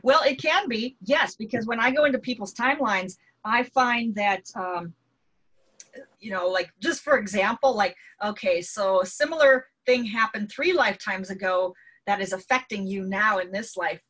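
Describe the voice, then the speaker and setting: Husky woman teaching spiritual healing. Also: medium pitch, moderate pace, fairly bright tone. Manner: rambling, many fillers and restarts. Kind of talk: casual spoken lesson.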